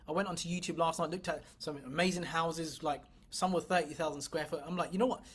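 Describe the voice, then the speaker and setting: She speaks fast with hardly any pauses, her fairly low voice carrying a breathy edge. A business coach on a motivational livestream, she's blunt and emphatic, curses freely, and speaks directly to viewers.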